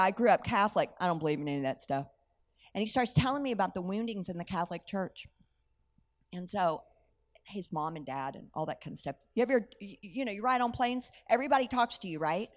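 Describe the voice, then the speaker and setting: A woman preaching, telling a story with lively acted-out dialogue and self-amused laughter. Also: medium pitch. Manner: animated, acts out dialogue, laughs at herself. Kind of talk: sermon storytelling.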